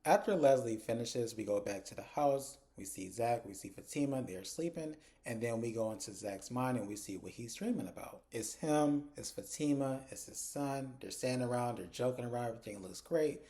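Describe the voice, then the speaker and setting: A man's voice: mid-range voice, expressive, moderate pace, few pauses, mellow. A man casually recapping a TV episode for his channel's viewers. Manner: retells scenes, acting out characters' lines. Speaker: TV episode reviewer.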